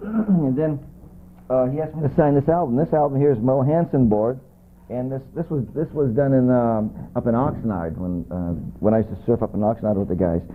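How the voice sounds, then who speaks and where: A man's voice: mid-range voice, normal speed, a little hiss or hum. Rambling man telling stories, tinny tape. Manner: rambling, enthusiastic storytelling. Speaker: guest musician. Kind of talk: casual chat. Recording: tinny lo-fi videotape audio.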